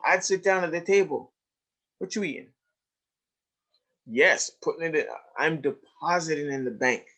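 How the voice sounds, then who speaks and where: A middle-aged man giving a webinar lecture to educators, telling classroom anecdotes in a conversational way and acting out the people he quotes. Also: medium pitch. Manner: animated storytelling, acts out quoted students, drops to a hush for asides.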